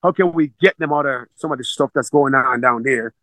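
Here the Jamaican coach, middle-aged and Jamaican-accented, talks at a brisk clip in a medium-pitched voice. It's a casual interview full of animated stories where he mimics the people he's quoting. No echo, though the recording is rough.

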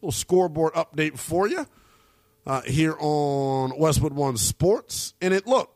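A man hosting a college sports radio show, talking with big swoops in pitch and slangy emphasis. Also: lively intonation, a little slow, a little mellow, no echo, studio quality. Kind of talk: energetic sports talk radio.

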